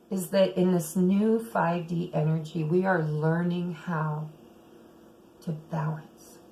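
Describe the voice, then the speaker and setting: A middle-aged woman giving a chatty tarot reading, often checking in with "okay", her throat a little rough. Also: lowish voice, a little mellow, a little hiss or hum, poor audio. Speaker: tarot reader. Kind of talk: casual tarot reading monologue.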